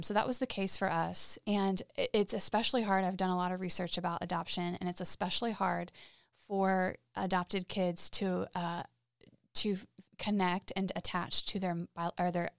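Podcast guest, woman with a lowish, gravelly voice, candid and heartfelt. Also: no room sound, clean studio sound. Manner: halting and heartfelt, with frequent restarts. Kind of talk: candid interview storytelling.

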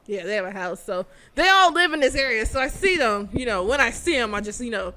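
A woman co-hosting a casual chat, excitable and swearing freely as she acts out her own reactions. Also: on the high side, fairly quick. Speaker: podcast co-host.

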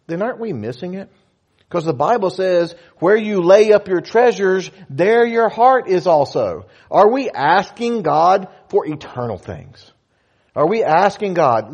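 Animated man preaching a casual sermon. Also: a little high. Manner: conversational, animated, voices God in asides. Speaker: pastor.

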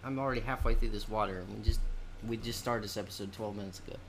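A man's voice: on the low side, fairly even intonation, quick pace, noisy background. A man co-hosting a podcast in casual, profane chat, laughing often. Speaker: podcast co-host.

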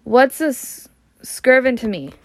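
A woman's voice: sits high, expressive, a little slow, no room sound. A woman voicing a determined young boy who insists on getting his letter. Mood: insistent.

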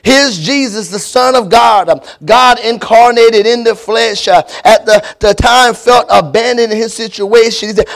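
A man's voice: very high-pitched, normal speed, few pauses, fairly bright tone. A man preaching a sermon to his church, with frequent filler words and calls for amen, then leading a prayer. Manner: preaching with many fillers and call-and-response to the church; prays with repeated invocations. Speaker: pastor.

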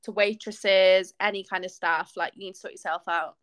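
A young woman co-hosts a chat podcast and tells a long story, leaning on "like" between phrases. Her voice sits at a middling pitch. The recording is close and dry. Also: fairly even intonation, moderate pace, fairly bright tone, no echo. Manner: chatty storytelling, many "like" fillers. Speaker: podcast co-host. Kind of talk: casual chat.

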